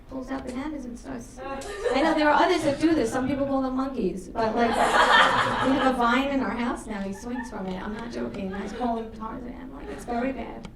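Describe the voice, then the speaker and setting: A middle-aged woman performing a crude stand-up comedy set on a club stage, delivering brash deadpan punchlines. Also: a little high, distant mic. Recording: roomy club sound from afar, audience laughter.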